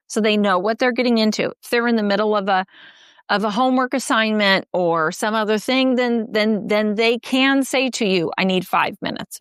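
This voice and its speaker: A woman's voice: medium pitch, fairly bright tone, no room sound, studio quality. A woman author on a live chat, explaining parenting advice and acting out what a parent might say. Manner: explains with acted-out parent quotes. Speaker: book author guest.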